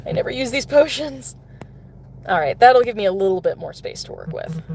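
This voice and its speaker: A woman's voice: a little high, expressive, a little fast, darkish tone, a little hiss or hum. A woman casually chatting with viewers while she plays a mobile game in her car, giggling often. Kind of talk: casual live-stream chat while playing. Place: in a car, pulling over.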